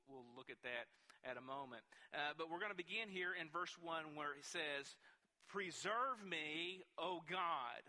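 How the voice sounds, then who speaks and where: A man's voice: a little high, sharp tone, long reverb tail. A man preaching a sermon, teaching in a conversational way with frequent restarts and questions to the congregation. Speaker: pastor.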